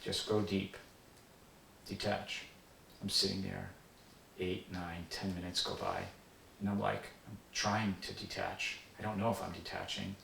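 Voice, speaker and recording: A man's voice: deep voice, level tone, moderate pace, vocal fry, a bit bright, slight background noise. Older man, earnest reminiscence, roomy distant sound. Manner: earnest, reflective storytelling. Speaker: interviewee recalling a spiritual teacher. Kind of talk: personal reminiscence.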